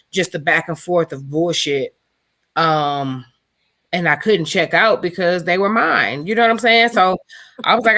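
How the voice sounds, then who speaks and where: A woman's voice: lowish voice, bright, forceful tone. A middle-aged mother talking frankly and bluntly about raising her kids, in a casual chat.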